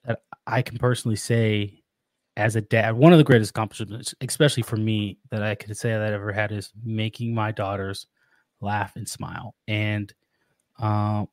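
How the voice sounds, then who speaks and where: A man's voice: lowish voice, little pitch movement, moderate pace, no echo, studio quality. A man guesting on a podcast, talking about being a father in an earnest, reflective way, often restarting his sentences. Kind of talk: casual interview talk.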